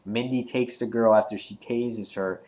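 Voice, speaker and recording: A man's voice: mid-range voice, steady tone, moderate pace, darkish tone. A man giving a casual spoken comic book review, rambling with frequent ums and restarts.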